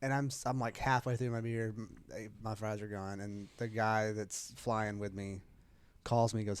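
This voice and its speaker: A man's voice: on the low side, level tone, normal speed, smooth. A man co-hosting a podcast, telling a long, rambling travel story in casual chat and acting out the quoted dialogue. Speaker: podcast co-host.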